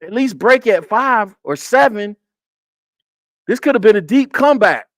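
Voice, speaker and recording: A man's voice: high-pitched, lively intonation, a little slow, no room sound. A man hosting a casual football film breakdown on a live stream, repeating his points and talking to the chat.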